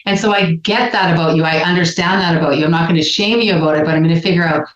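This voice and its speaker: A woman with a lowish voice co-hosting a podcast, animated and playful as she acts out quotes. Her audio sounds roomy and a little dull, as if recorded in an echoey space on a lo-fi mic. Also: racing. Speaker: podcast co-host, relationship psychologist. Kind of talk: casual podcast conversation.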